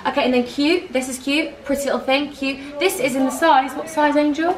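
A woman's voice: sits high, fairly even intonation, a little fast, a crowd in the background. A giggly, self-mocking British woman in her twenties chatting through a holiday outfit try-on vlog on a camera mic. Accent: British English. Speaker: fashion vlogger. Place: outdoors on holiday, then an airport. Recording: distant camera mic with noisy background.

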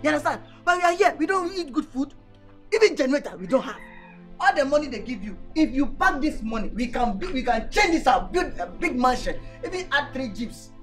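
A woman's voice: high-pitched, animated, fairly quick, soft background music. A Nigerian actress playing a brash young man, the only son, stammering and repeating words as he complains. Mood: arguing. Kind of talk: film acting.

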